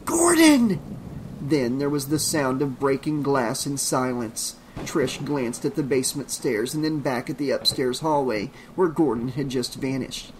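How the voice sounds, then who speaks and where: A man's voice: medium pitch, steady tone, normal speed, few pauses, a little hiss or hum, poor audio. Man narrating a horror audiobook.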